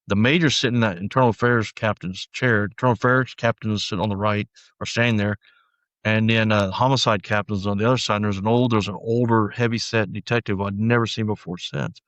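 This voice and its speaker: A middle-aged man, a former deputy, recounting his past in a casual conversational interview, often quoting others and trailing off quietly. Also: lowish voice, no echo, dull audio. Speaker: podcast guest, former sheriff's deputy.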